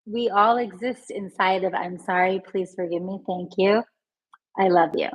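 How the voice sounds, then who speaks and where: A woman teaching a live online healing lesson. She talks straight to her viewers, answers their comments, and repeats soothing healing phrases slowly and gently. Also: medium pitch, fairly even intonation, rough recording. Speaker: emotional healing coach.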